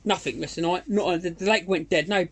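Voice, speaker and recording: A high-pitched man, middle-aged, spins a rambling fishing yarn in loose casual chat. He gets excitable, swears freely, stumbles through restarts and throws in sound effects as he goes. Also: fairly quick. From England. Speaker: angler telling a fishing story. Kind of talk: casual storytelling monologue.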